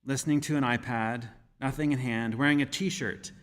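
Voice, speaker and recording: Male minister, mid-pitched, measured sermon delivery, recorded in a reverberant sanctuary. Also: steady tone. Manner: measured, gentle storytelling. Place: church sanctuary. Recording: reverberant church hall.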